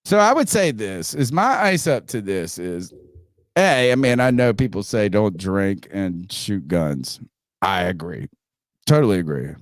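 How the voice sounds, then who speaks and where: A man's voice: on the low side, measured pace, no echo, studio quality. A man on a podcast telling a story casually, swearing a lot and acting out what people said. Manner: profane, animated, acts out quotes loudly. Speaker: podcast host.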